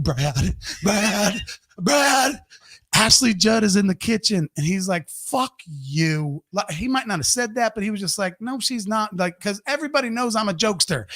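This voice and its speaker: A man hosting a podcast, telling an anecdote in a casual, animated and profane way, acting out the voices of the people in it. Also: high-pitched, no echo, studio quality. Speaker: podcast host. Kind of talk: casual storytelling.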